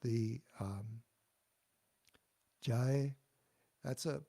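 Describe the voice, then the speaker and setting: A man teaching pronunciation in a patient, explanatory way, saying each phrase and then pausing for the listener to repeat. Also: medium pitch, creaky, dark tone, breathy edge. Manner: slow, patient and explanatory, demonstrating words then pausing for repetition. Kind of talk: pronunciation lesson, call and response.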